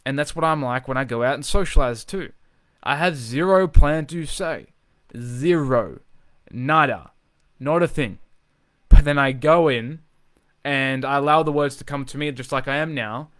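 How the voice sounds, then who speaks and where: A man coaching in a live, unscripted video, talking with energy and driving points home by repeating himself, swearing as he goes. His voice is smooth and resonant at a middling pitch. The sound is dry and close. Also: moderate pace, no room sound. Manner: energetic, emphatic, swears freely, repeats phrases for emphasis. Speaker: social confidence coach.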